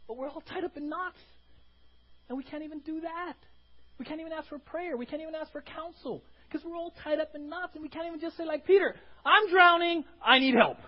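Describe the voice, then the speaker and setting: A man with a high voice preaches a sermon as pastor. He is emphatic, repeats his words and climbs to loud cries. The recording sounds dull and lo-fi. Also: steady tone, fast talker.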